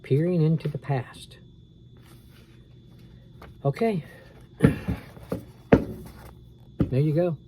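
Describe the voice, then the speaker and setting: A man reading a scary children's storybook aloud at a steady, unhurried pace. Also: medium pitch, background noise.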